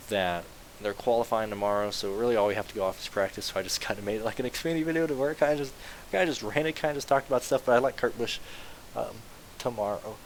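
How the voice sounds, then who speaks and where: A young man casually streaming about fantasy sports, rambling, excitable and swearing freely. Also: on the low side, rough recording. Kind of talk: casual live-stream chat. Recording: faint hiss.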